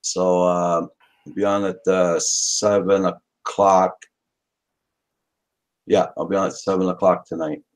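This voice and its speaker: A man's voice: low voice, little pitch movement, takes it slowly, pauses often. A man co-hosting a live drone chat stream, friendly as he welcomes viewers and sends them off.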